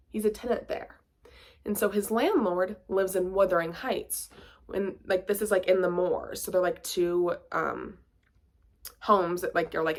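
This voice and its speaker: A woman giving a casual vlog book review, chatty and full of "like" and playful sarcastic asides. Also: mid-range voice.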